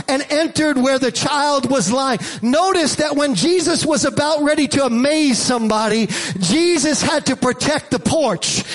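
A man preaching a sermon as pastor, emphatic and calling out to the congregation. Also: extremely high pitch.

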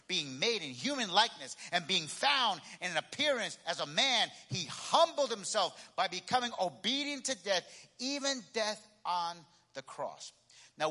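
Guy preaching in a church, bright sharp voice, big hall echo, keeps repeating his points. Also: a little high. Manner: emphatic, repeats key phrases, calls for congregation responses. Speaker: pastor. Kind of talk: sermon. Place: church sanctuary.

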